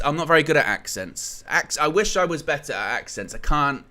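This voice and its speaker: An English man hosts a live football fan stream, his voice bright and forceful. He chats in a rambling way and reads out viewers' comments and greetings as he goes. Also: mid-range voice, expressive, brisk, few pauses. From England. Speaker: fan channel host.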